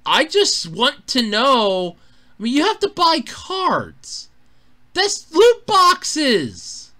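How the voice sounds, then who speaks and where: High, lively ranting man. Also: slow. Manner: exasperated, profane, shouting bursts. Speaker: gaming commentator. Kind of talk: angry gaming rant.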